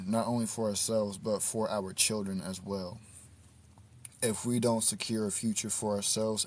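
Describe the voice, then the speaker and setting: A man's voice: on the low side, darkish tone. A man hosting a casual livestream outdoors at night in the cold, talking on a phone in a laid-back, reflective way. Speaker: livestream host.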